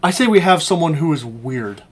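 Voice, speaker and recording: Man, somewhat high voice, playful idea-pitching banter, quick to laugh. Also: lively intonation, slightly rough. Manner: playful, laughs often, riffing on ideas. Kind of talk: casual brainstorming chat.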